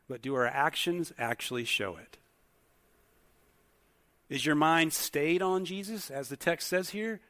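A man's voice: fairly high pitch, a bit bright. A male pastor preaching a sermon in a conversational way, putting many questions to the congregation. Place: church hall with congregation. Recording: long hall reverb.

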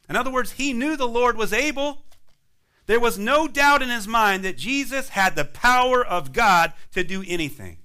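A man's voice: fairly high pitch, expressive, normal speed, bright, forceful tone. A man preaching a sermon as pastor, building emphatic repeated phrases and sometimes laughing lightly at himself. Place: church sanctuary.

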